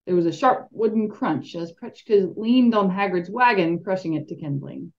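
A woman's voice: lowish voice, normal speed, a little mellow. A woman reading a fantasy novel aloud expressively as a podcast co-host, with light asides. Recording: dull lo-fi sound.

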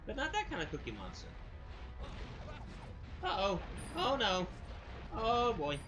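Man narrating his own gameplay, excitable, trips over his words, pitch jumps all over, dull lo-fi audio with game music. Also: normal speed, pauses often. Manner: excitable, stammering, bursts of frustrated yelling. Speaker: gaming channel host. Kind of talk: let's play commentary.

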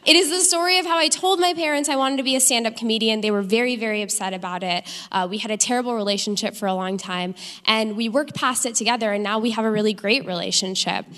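A young adult woman doing a stand-up comedy set on a theater stage, landing punchlines deadpan in an animated delivery. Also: fairly high pitch, fast talker, in a large hall. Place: theater stage with live audience.

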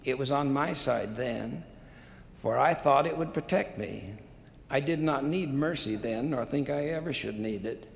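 A man's voice: mid-range voice, unhurried, creaky. A man voicing a desperate male debtor who pleads for mercy, heard in a large echoing hall. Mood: pleading. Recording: long hall reverb, faint noise.

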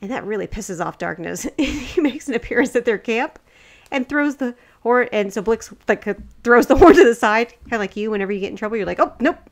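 Woman cohosting a podcast, kinda high voice, chatty, laughs a lot, swears. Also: brisk. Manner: laughing, swearing, recapping a film. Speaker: podcast co-host. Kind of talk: casual chat.

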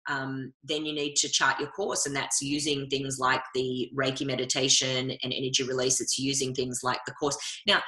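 Low-pitched, bright-voiced woman coach. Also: moderate pace, few pauses, reverberant, rough recording. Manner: upbeat, energetic, coaching tone. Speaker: guest speaker. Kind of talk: casual interview chat.

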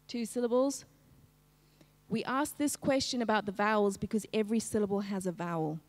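A woman teaching a live-streamed phonics lesson, slowly segmenting each sound in a word and prompting the class to join in. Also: on the high side, a little mellow, in a large hall. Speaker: literacy teacher.

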